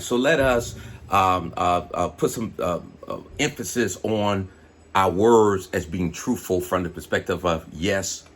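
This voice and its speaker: Brief: low, husky male preacher, casual sermon delivered straight to camera. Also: a bit bright. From West Coast of the United States. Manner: plainspoken, fills pauses with "you know" and "right?". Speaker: bishop. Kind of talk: informal preaching monologue.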